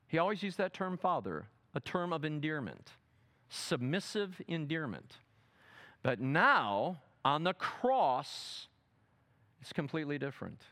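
A man teaching a sermon seminar, dramatic, asking the audience questions and swinging from loud emphatic quotes to soft asides. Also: on the high side, very animated, a little slow. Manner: asks the audience fill-in questions. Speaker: preacher.

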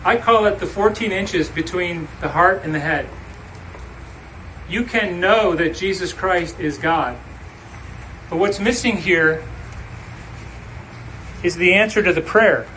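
Bright, high-voiced preaching man. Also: a little hiss or hum, low-quality recording. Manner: dramatic preaching with slow emphatic phrases. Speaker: pastor. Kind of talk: sermon.

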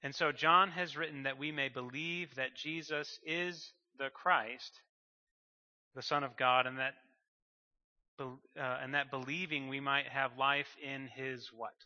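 A man's voice: mid-range voice, fairly even intonation, measured pace, bright, forceful tone. A man preaching a sermon in an emphatic way, repeating phrases and building to fervent bursts. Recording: muffled sound with long hall reverb.

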